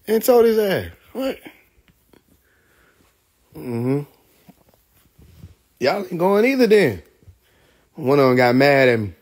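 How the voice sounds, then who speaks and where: A man's voice: high-pitched, unhurried, pauses often. Laughing man telling street stories. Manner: laughing, profane, animated street storytelling. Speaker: livestream host. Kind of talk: casual storytelling on a live stream.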